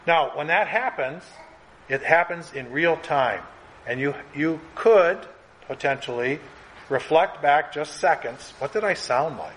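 A man teaching a class in an earnest, conversational way, sometimes quickening as he acts out examples. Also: a little high, lively intonation, fairly bright tone, rough recording. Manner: earnest, conversational, speeds up when acting out examples.

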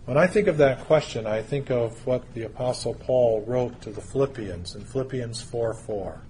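A man preaching a sermon, teaching through a Bible passage in a measured way with pauses and stressed words. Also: mid-range voice, a little mellow, a little hiss or hum.

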